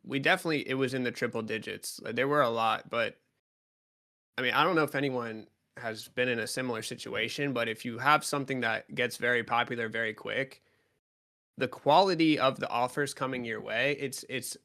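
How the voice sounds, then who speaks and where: A man's voice: mid-range voice, brisk, sharp tone. A man answering fans in a live Q&A as a club co-owner, talking frankly and casually with lots of fillers.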